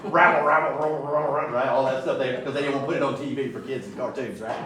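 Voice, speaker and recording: A man's voice: mid-range voice, fast, recorded from a distance, a little hiss or hum. A middle-aged man leading an informal Bible study, talking conversationally with joking asides and acting out little scenes. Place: church room. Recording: echoey room, voice from afar.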